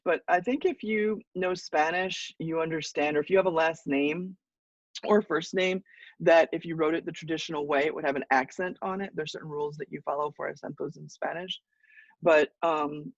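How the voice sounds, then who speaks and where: A woman teaching a college English class, explaining patiently with pauses and now and then clearing her throat. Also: deep voice, no echo, muffled recording. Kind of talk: class lecture.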